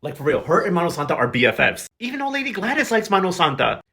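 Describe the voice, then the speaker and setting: A young man breaks down a soap opera episode in a chatty vlog recap. His voice sits slightly high for a man. His delivery is sassy and full of slang, like gossiping with friends. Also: big pitch swings, quick pace, sharp tone.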